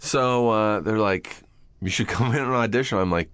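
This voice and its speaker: A man's voice: on the low side, normal speed, a bit bright, smooth, dry recording. A man hosting a podcast in a small studio room, chatting casually and telling stories, swearing freely and acting out the voices of people he quotes. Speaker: podcast host. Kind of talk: casual chat.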